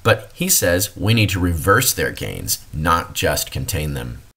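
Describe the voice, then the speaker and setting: A man's voice: deep voice, sing-song, a little slow, creaky, fairly bright tone. A man giving a recorded history lecture, explaining to students and addressing them directly.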